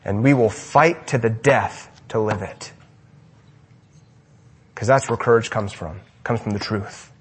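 A young man's husky, lowish voice preaches to men at a measured pace with long pauses. He leans on emphatic, repeated rhetorical questions, moves between loud and soft, and ends by praying.

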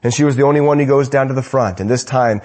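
A man preaching an evening sermon, rising to emphatic lines and dropping to hushed, low endings, repeating phrases for emphasis. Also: fast talker.

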